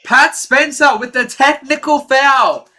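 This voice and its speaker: A man giving live fan play-by-play for his home team on a stream, partisan and quick to rant at the referees. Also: very high-pitched. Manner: partisan, excitable, rants at referees.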